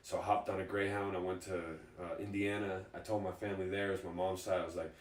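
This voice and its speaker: Casting: relaxed man, lowish voice, spinning yarns as a guest, recorded at a distance in a roomy space. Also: fast talker. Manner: laid-back, chuckling storyteller. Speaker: guest, fighter. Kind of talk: casual storytelling interview. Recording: echoey room, distant mic.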